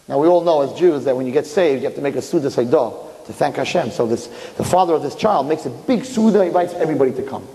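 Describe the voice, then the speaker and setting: A man telling a story in an animated, emphatic way. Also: on the high side, fast talker. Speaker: speaker. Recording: echoey hall.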